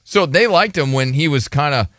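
A man's voice: fairly high pitch, animated, moderate pace, fairly bright tone, dry recording, studio quality. A man hosting a casual talk show, reading chat comments aloud and joking with his co-host.

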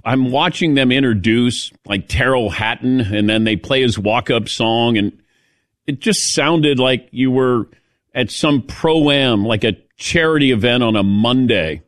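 A man's voice: medium pitch, dry recording, studio quality. A man hosting a casual sports talk show, telling stories in a chatty, sarcastic way. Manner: chatty storyteller with a sarcastic edge. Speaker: radio sports talk host.

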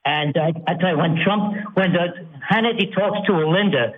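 A man calling in to a radio show by phone from his back porch, rambling and animated. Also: high-pitched, moderate pace, a little hiss or hum. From New York. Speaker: caller. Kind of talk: call-in chat. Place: outdoor porch at home. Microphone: phone line. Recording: tinny echoey phone line.

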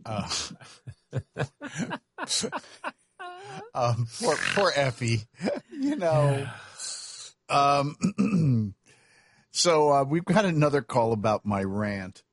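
A man's voice: medium pitch, big pitch swings, drawn-out words, pauses often, breathy edge. A middle-aged man co-hosting a morning radio show, ranting with mock indignation in casual chat.

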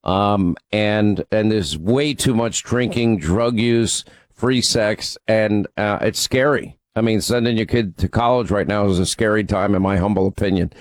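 A man's voice: fairly low pitch, a little slow, no room sound. Opinionated male radio host, dry mic. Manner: opinionated, teasing callers. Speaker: radio talk show host. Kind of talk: political talk radio.

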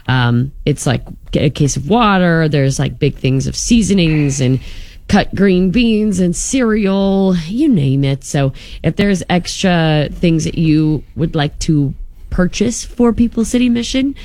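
Woman, radio co-host, low voice, chatty, dry studio mic. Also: animated, a little slow, mellow, no room sound. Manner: chatty, lots of fillers. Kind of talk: morning radio banter.

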